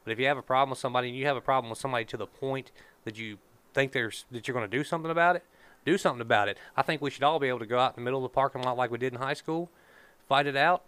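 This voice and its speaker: A man's voice: medium pitch, racing, a bit bright, smooth, no echo. A man, a truck show organizer, chatting casually on a podcast and rambling through stories with plenty of swearing. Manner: rambling storyteller, swears freely.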